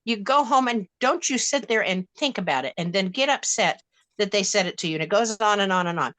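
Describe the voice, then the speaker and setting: A woman's voice: medium pitch, animated, a little fast, a bit bright, no echo. An older woman telling a story bluntly on a discussion panel, speaking with many restarts and growing heat.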